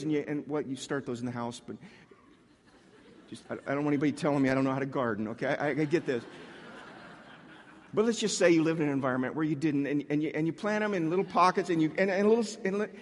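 A man preaching a sermon as a pastor, talking in a conversational way with frequent restarts and animated asides. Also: on the high side, quick pace, big-room sound, slight background noise.

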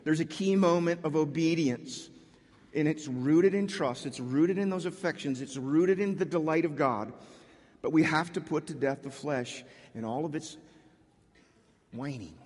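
A man preaching a sermon as a pastor, talking in a conversational way with frequent restarts and animated asides. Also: a little high, unhurried, in a large hall.

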